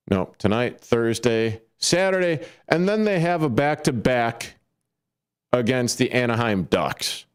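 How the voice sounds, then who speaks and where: A man's voice: mid-range voice, clear, resonant tone. A man hosting a local sports radio show, rambling through a casual monologue with frequent self-corrections and jokey asides. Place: radio studio. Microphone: studio microphone.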